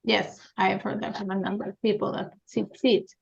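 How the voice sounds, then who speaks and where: A woman's voice: mid-range voice, flat delivery, brisk, creaky, lo-fi sound. Emphatic woman teaching over a call. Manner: earnest, emphatic, repeats key words. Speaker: class teacher leading a group call. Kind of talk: spiritual class discussion.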